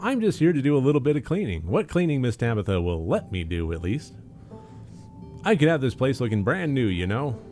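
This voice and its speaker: Bubbly young woman cleaner, high and gushing, quick to chatter; a man voices her. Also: very animated, darkish tone, faint music behind, close to an everyday voice. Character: chipper, over-eager young woman housecleaner.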